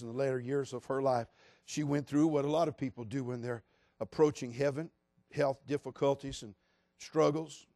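A man preaching a sermon as pastor, passionate, moving between loud appeals and hushed, quiet passages. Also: medium pitch, no echo, clean studio sound.

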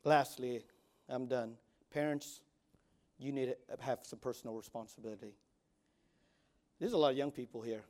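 A man in his forties preaching as a youth pastor, swinging between loud exhortation and quiet asides, often stammering and repeating words. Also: medium pitch, normal speed, pauses often. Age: 40s. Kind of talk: sermon.

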